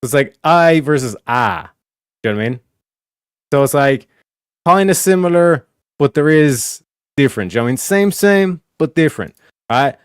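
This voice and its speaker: A man's voice: on the high side, animated, brisk, long pauses, clean tone, no room sound, studio quality. A man streaming, explaining in casual, rambling talk that is full of swearing and repeated asides. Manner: rambling, profane, repeats "do you know what I mean".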